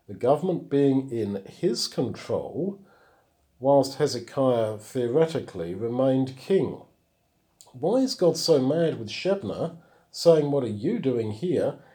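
Mellow man teaching scripture. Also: medium pitch. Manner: explanatory, reads scripture aloud then comments. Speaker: Bible teacher. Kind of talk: verse-by-verse Bible teaching.

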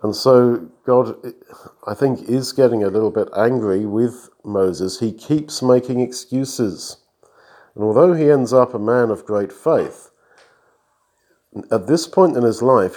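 A man preaching a sermon in an earnest, measured way, reading long scripture passages aloud and explaining them. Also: mid-range voice, dark tone.

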